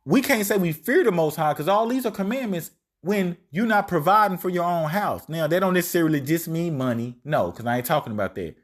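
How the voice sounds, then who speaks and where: A man delivering a street-style sermon, animated and slangy. His voice sits high and leaps around a lot, and he acts out the quoted lines in shifting voices. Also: a little fast, hardly any pauses. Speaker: preacher.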